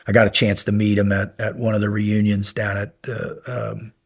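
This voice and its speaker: A man's voice: on the low side, moderate pace, slightly rough. A middle-aged man, a podcast guest, telling long rambling stories in a casual interview and acting out the lines of people in them. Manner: rambling, animated, acts out quoted lines.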